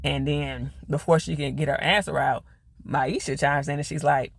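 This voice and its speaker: Gravelly man chatting through a TV recap. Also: on the high side, flat delivery, normal speed, no room sound. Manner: chatty slangy retelling, lots of fillers. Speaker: TV reviewer. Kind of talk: casual TV episode recap.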